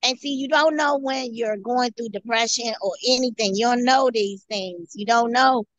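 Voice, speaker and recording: Higher-voiced woman telling her story. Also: fairly bright tone. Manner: halting, repeats and restarts phrases; earnest storytelling. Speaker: guest. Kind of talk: personal testimony.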